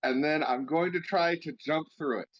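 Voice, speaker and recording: A man playing a tabletop game, playful with a deadpan, literal streak. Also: fairly high pitch, normal speed. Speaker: player. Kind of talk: casual chat at a tabletop game. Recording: dull lo-fi sound.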